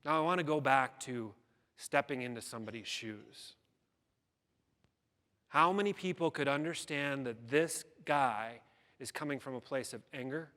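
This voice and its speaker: A man's voice: mid-range voice, measured pace, pushed and bright. A man giving a keynote speech, telling a story dramatically and acting out the people in it. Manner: dramatic storytelling with quoted voices. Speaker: keynote speaker. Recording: long hall reverb.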